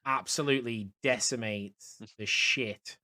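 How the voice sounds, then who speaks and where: A man's voice: mid-range voice, measured pace, pushed and bright. A man narrating as game master for a tabletop game, talking loosely with lots of fillers and restarts. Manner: rambling, many fillers and restarts.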